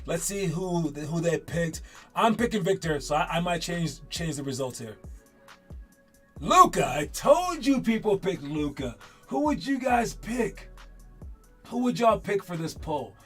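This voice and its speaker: A man's voice: sits high, a bit bright. A man hosting a casual basketball livestream, talking in a rambling way with many restarts and self-corrections. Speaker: basketball show host.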